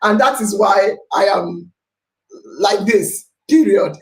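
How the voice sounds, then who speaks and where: A woman's voice: medium pitch, slow. A Nigerian woman hosting a podcast, telling a story with lots of laughter and exclamations, mixing pidgin into her English as she reads out and answers her listeners' comments. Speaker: podcast host. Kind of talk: animated storytelling and live chat. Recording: roomy echo.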